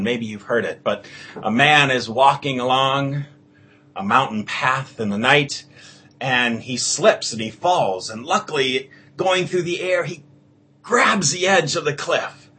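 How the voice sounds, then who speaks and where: A man preaching a homily in a slow, earnest way. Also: medium pitch, bright, forceful tone, slightly rough. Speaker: priest.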